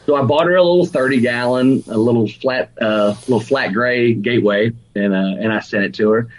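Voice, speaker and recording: A man's voice: mid-range voice, brisk, low-quality recording. A man with an Alabama accent, a barbecue pitmaster guest, chatting casually and easily, peppering his talk with "man" and "dude". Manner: animated and laid-back, sprinkled with "man" and "dude". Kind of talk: casual podcast interview.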